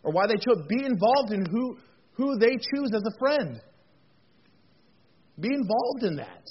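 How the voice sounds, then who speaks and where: High-voiced earnest man preaching. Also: big pitch swings, a little slow, slightly rough. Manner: earnest, repeats words, folksy asides. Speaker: pastor. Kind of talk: sermon. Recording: muffled lo-fi recording.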